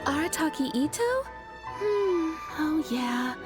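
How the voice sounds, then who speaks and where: A woman's voice: high-pitched, expressive, slow. A woman voicing a cheerful townswoman in a video game, telling a story in a chatty, amused way. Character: cheerful townswoman, kimono maker, amused and frank. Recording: game dialogue over music.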